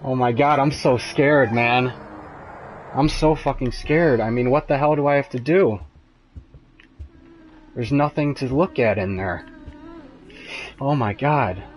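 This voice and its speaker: A man's voice: mid-range voice, unhurried, pauses often, slight background noise. A young man streaming a horror game, muttering and cursing nervously, breaking into frightened yelps. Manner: profane, jumpy, muttering and yelping with fear. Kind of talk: frightened live gameplay commentary.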